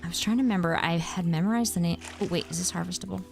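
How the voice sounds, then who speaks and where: Woman in her thirties, game streamer, casual chatty talk, lively exclamations, soft music underneath. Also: on the low side, racing, gravelly. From United States. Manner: chatty, answers chat, animated exclamations. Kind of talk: casual chat while gaming.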